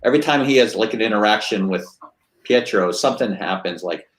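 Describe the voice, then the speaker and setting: A man's voice: on the low side, animated, fairly quick, reverberant, rough recording. A man hosting a casual group chat, thinking aloud in long rambling sentences.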